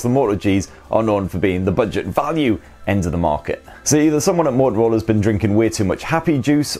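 Male tech host, lowish voice, sarcastic, crude humor, casual chat. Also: darkish tone. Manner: irreverent, sarcastic, crude jokes. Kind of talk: casual chat reading viewer comments.

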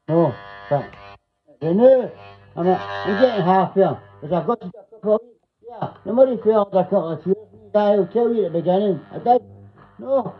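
A middle-aged Scottish man rambles through casual livestream chat, blunt and full of swearing. His voice sits fairly high for a man. The sound is thin and tinny, like a phone line. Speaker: livestream host.

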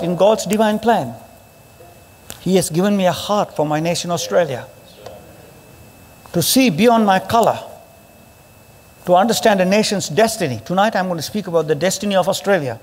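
A male pastor from Sri Lanka preaching a sermon in a church, emphatic and forceful with sudden rises in his voice. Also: high-pitched. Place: church hall. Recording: long reverb of a church hall.

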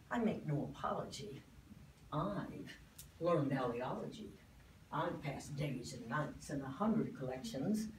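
A woman's voice: sits low, roomy sound, distant mic, slight background noise, voice pushed down, low-quality recording. A woman voicing an indignant young man who lectures as a self-styled bird expert, in a dramatic poetry recitation. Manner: lecturing, exasperated, theatrical.

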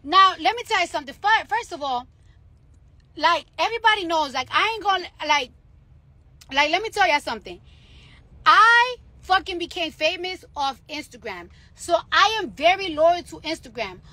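A high, bright voice from a woman. She rants profanely into her phone from a car, repeating herself for emphasis. Her tone is sharp and forceful. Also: animated, normal speed, no room sound. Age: late 20s. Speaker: celebrity livestreamer. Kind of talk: ranting social media live stream.

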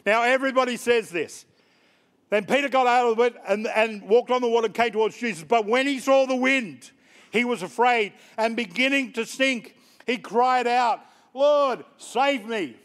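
A pastor preaching a lively sermon in church, calling out members of the congregation by name. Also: male voice, very high voice, normal speed. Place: church sanctuary.

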